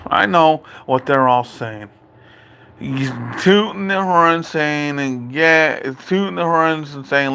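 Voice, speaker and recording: A man rants slowly and deliberately in a commentary vlog, circling back to the same points again and again. His voice sits fairly high and has a bright, forceful edge. He sounds indignant and addresses his father directly. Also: lively intonation, a little hiss or hum. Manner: repetitive, indignant, talks straight to his father. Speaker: video creator. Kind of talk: ranting political commentary vlog.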